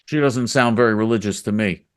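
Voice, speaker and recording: A man's voice: on the low side, a little fast, clean tone, no room sound. Indignant man hosting, dry close sound. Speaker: host. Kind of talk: casual commentary chat.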